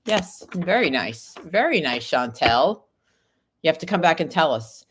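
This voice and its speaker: A woman with a low-pitched, sing-song voice talks a little slowly over a noisy background. Recovering from an illness, she reads tarot on a live stream, voicing viewers' questions and responding card by card.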